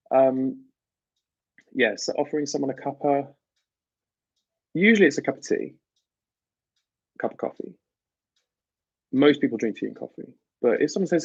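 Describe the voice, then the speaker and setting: A man's voice: fairly low pitch, fairly quick, vocal fry, pauses often, darkish tone, husky, dry recording, dull audio. A British man hosting a livestream, chatting casually and animatedly with viewers and laughing often. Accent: British English. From United Kingdom. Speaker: livestream host. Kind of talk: casual chat with live viewers.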